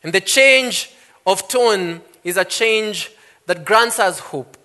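A man preaching a sermon, reading scripture and then laying out his points with slow, emphatic stress. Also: high voice, sharp tone. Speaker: pastor.

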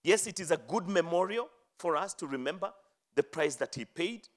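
A man preaching a sermon, reading scripture aloud and explaining it, rising to loud emphatic phrases and dropping to low, quiet endings. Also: expressive, normal speed. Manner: dramatic swings from loud high emphasis to low hushed endings.

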